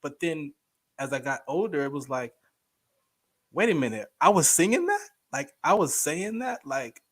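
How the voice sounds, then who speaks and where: A man in his thirties chatting casually as a guest co-host, telling stories with lively acted-out quotes. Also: a little high, moderate pace. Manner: animated storyteller, acts out quoted voices. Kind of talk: casual chat.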